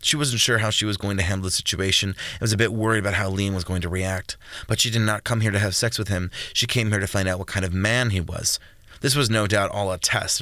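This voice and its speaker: A man narrating a storybook in a steady, even reading. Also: on the low side, no room sound. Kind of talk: audiobook narration.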